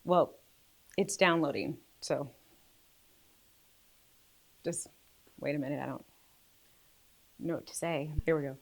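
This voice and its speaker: A woman in her forties hosting a casual faith vlog, chatty and quick to laugh at herself. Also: sits low, vocal fry. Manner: chatty, laughing, self-deprecating. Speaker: vlog host.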